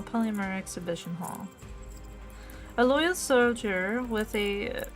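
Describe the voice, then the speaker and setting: A woman's voice: fairly high pitch, fairly bright tone. Giggly woman streamer reading game text. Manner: giggly, chatty, reads narration aloud. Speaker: VTuber streamer. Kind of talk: casual gameplay commentary reading game text aloud.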